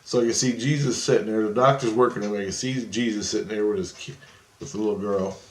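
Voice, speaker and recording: A vlogger tells a rambling first-person story about astral travel, talking fast in a somewhat low voice with a steady tone. He swears constantly, grows agitated, and performs the voices of the people in his tale. His voice echoes off the room, and there's slight background noise.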